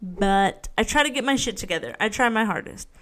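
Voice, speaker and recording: A woman's voice: mid-range voice, animated, brisk, a bit bright. Rambling, foul-mouthed woman podcaster. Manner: frank, rambling, swears freely, self-mocking. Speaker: podcast host. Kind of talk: casual solo podcast rant.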